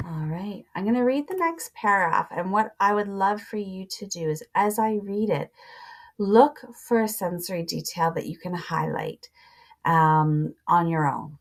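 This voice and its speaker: A woman teacher reading a passage aloud and explaining it to students in a slow, deliberate voice, pausing as she annotates. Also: mid-range voice, expressive.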